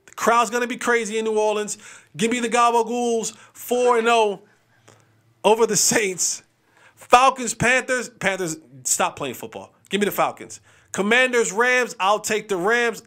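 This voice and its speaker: High, bright-voiced man making sports picks. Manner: animated and playful, repeats phrases for emphasis. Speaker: sports show host. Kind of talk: casual sports picks chat.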